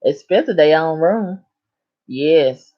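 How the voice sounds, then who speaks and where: In a casual live stream, a woman reads viewer comments out loud and fires back with sassy, animated replies, her pitch swinging widely. The audio is dull and slowed down.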